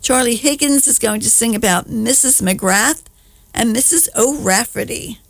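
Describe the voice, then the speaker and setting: Female radio host, slightly high voice, casual and chatty, dry booth sound. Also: unhurried, creaky, no echo. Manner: chatty, reads the weather and phone details in a friendly, loose way.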